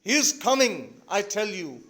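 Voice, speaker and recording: Guy doing a yelling fed-up old dad, loud and high. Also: sing-song, unhurried, heavily acted. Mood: exasperated shouting. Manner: loud, exasperated exclamations. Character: flustered, hot-tempered older male landowner, a father.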